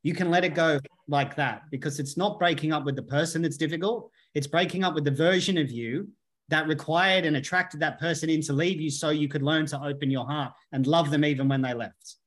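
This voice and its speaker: A man speaking in a somewhat high voice, blunt and emphatic. He swears freely and drives his points home in a loose podcast conversation. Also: brisk. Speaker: podcast guest, healer. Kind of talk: casual conversation.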